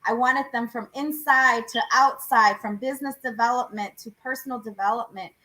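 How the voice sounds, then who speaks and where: A woman's voice: on the high side, moderate pace, bright, forceful tone, poor audio. A woman hosting a podcast, chatting casually and animatedly, laughing often. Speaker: podcast host and salon owner.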